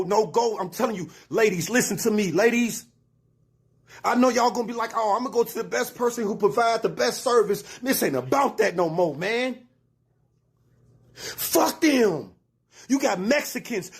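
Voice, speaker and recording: A man's voice: high voice, slightly rough. A man in an emotional rant video, upset and pleading, repeating himself heatedly.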